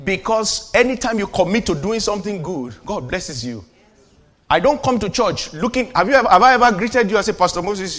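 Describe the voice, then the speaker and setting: A pastor preaching a sermon in a high-pitched, ringing voice. He moves between loud declarations and hushed, personal asides, pulling the congregation in with call-and-response. His tone is bright and keen throughout. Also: lively intonation, a little fast.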